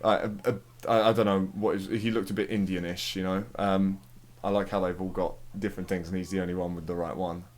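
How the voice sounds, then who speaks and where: A man's voice: sits low, flat delivery, brisk, slight background noise. A man, commentating on a game and telling a rambling, sweary story to a friend. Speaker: let's play commentator. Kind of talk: casual chat over gameplay.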